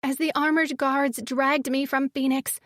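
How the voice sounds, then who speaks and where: A woman narrating a sci-fi romance audiobook in the first person, with measured, dramatic storytelling. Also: high voice, fairly even intonation, dry recording, clean studio sound.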